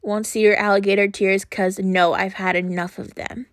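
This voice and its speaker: A young woman hosting a podcast, talking frankly and earnestly in a casual monologue, often pausing on fillers. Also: medium pitch, level tone, no room sound, studio quality. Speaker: podcast host.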